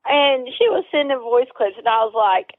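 A woman's voice: fairly high pitch, animated, normal speed, no room sound. A woman talking as an interview guest on a phone call, candid and chatty, laughing often. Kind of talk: casual phone conversation. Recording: tinny dry phone line.

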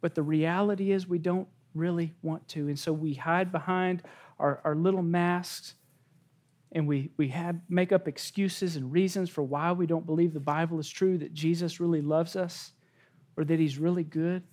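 A man with a notably high voice preaches a sermon. He speaks earnestly and with emphasis, circling back to the same phrases as he addresses his congregation. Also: steady tone, normal speed, darkish tone. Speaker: pastor.

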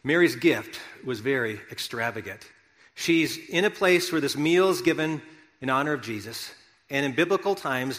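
A man preaching a sermon as pastor, talking conversationally to his congregation and now and then bursting out loudly. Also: mid-range voice. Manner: conversational, animated preaching with sudden loud outbursts. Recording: long hall reverb.

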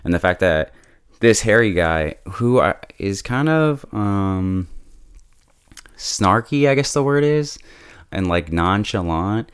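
A man with a low, smooth voice recaps a TV episode in loose, chatty talk, dropping in laughs and filler words as he goes. The sound is close and dry, with no room echo at all. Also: slow. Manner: relaxed, chatty, laughs often, heavy use of "like" and "yo". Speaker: TV show reviewer. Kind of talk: casual episode recap and review.

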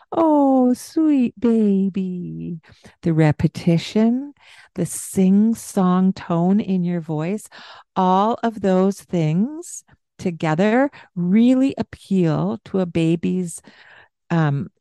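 Slow, warm-toned woman host, breaks into sing-song baby talk for examples; dry close mic. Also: fairly low pitch, no room sound. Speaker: parenting podcast host. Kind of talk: casual explanatory chat.

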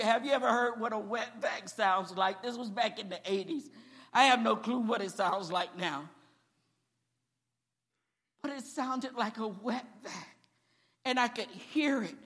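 An older woman preaching a testimony, telling her story dramatically and building to emphatic, shouted declarations. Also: a little high, measured pace. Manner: dramatic storytelling, acting out each person in turn. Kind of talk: sermon testimony.

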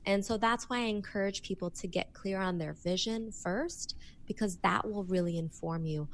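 In a podcast interview, a woman who coaches people in the workplace speaks at a normal speed with a medium-pitched voice, staying lively and expressive and acting out the examples she gives.

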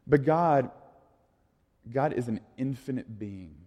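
A man's voice: mid-range voice, animated, slow, mellow. A man in his thirties giving a casual, conversational sermon as a youth pastor, in an echoey hall. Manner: casual, conversational, full of "like" and restarts.

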